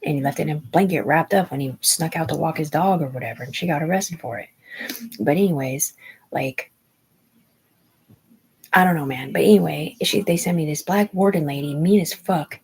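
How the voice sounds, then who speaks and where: Forties woman, low and husky, agitated rambling livestream storyteller who swears a lot. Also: normal speed, a little mellow, rough recording. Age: 40s. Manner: rambling, agitated, swears often, restarts sentences.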